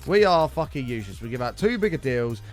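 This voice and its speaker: A man's voice: mid-range voice, very animated, fast, soft background music. A British man chatting live to his stream viewers, ranting heatedly and swearing often. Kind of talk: casual live-stream chat.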